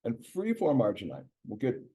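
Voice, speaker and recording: A man's voice: medium pitch, huge pitch swings, moderate pace, warm tone. A man, a doctor, giving a casual health presentation in a conversational way, with many fillers and restarts. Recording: dull lo-fi recording.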